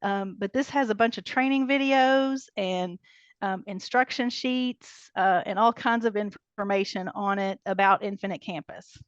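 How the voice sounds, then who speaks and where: Woman, webinar presenter, chatty, quick, frequent ums, video call mic, dry, dull lo-fi sound. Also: medium pitch, clear, resonant tone, no room sound. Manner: brisk, chatty, many ums, light laughs. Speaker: training coordinator presenting a webinar. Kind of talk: casual walkthrough of a website. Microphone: computer mic on a video call.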